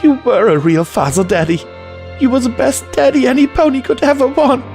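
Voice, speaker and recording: A man's voice: fairly quick, a little mellow, soft background music. A man voicing a desperate young filly who cries and pleads, as an audiobook character. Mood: tearful. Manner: high wailing pleas. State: crying.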